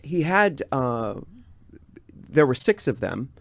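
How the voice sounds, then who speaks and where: Chatty man, halting with fillers, dry sound. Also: medium pitch, big pitch swings, creaky, no echo. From San Diego, USA. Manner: halting, many fillers and restarts. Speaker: guest. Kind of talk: casual interview chat.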